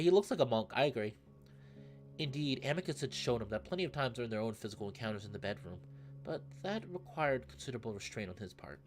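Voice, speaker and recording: A man reading a visual novel aloud in steady narration, breaking into excited asides. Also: mid-range voice. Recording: narration over loud game music. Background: background music.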